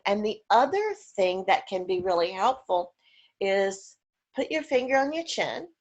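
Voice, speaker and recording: A woman speaking over a video call at a middle pitch. She talks informally about caregiving, chatty and full of fillers. She stops now and then to act out little vocal examples. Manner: demonstrative, acts out voice examples.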